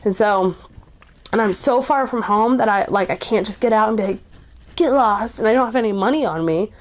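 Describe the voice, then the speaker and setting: A woman in her twenties who is in recovery tells a personal story in a brisk, medium-pitched voice. Her manner is casual and chatty, full of "like" and blunt swearing.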